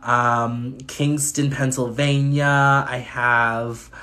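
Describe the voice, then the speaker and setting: A man's voice: mid-range voice, little pitch movement, very slow, bright, forceful tone. A man hosting a live stream, giving casual astrology readings in a chatty way, often laughing and reeling off chart placements.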